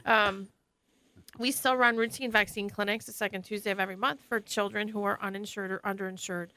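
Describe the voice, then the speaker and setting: A woman's voice: medium pitch, brisk, poor audio. A woman, a deputy director of public health, talking casually as a guest on a radio show. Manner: relaxed, conversational, lots of fillers. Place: radio studio. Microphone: studio microphone.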